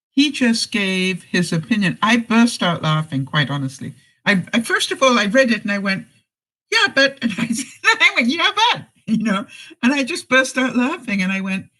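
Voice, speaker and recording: This middle-aged woman vlogger has a medium-pitched, fairly bright voice, recorded at low quality. She reads viewer comments in a live-stream chat, dispensing life advice, telling stories, acting out quotes and laughing often.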